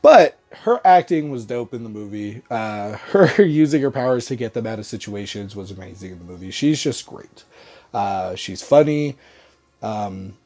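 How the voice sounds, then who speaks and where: Young man, stuffy from a cold, casual movie review, rambling with fillers, mellow warm tone. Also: lowish voice, expressive, moderate pace. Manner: loose and rambling, many "uh" fillers.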